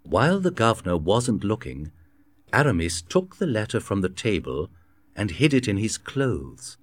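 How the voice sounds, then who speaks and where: A man reading a storybook aloud in a slow, clear narration. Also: fairly low pitch, big pitch swings, no echo. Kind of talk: scripted narration.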